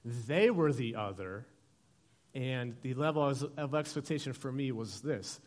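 A male pastor opening a sermon with an animated personal story, acting out the dialogue. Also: medium pitch, a little slow.

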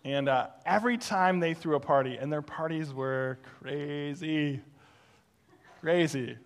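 A male pastor preaching through a personal story, animated and self-deprecating, acting out the voices he quotes. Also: on the high side, unhurried. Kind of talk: sermon storytelling.

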